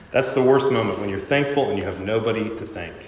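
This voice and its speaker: A man preaching a sermon as pastor, expressive and dramatic, acting out the voices he quotes. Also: on the low side, brisk, slight background noise. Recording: echoey church hall.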